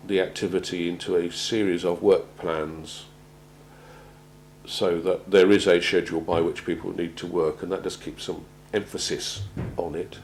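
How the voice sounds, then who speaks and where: A man gives a measured talk on crisis planning, often pausing and repeating words as he goes. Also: deep voice, darkish tone, slight background noise, poor audio. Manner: measured, halting, repeats words while finding them. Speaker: presenter on organisational crisis planning. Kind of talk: prepared talk to an audience.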